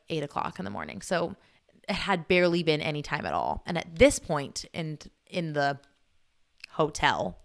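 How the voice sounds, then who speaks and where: A young woman hosting a podcast, telling a personal story in a chatty, animated way with frequent laughs. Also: sits low. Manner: chatty, animated, laughs often, many "like" fillers. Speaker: podcast host. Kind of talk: casual storytelling chat.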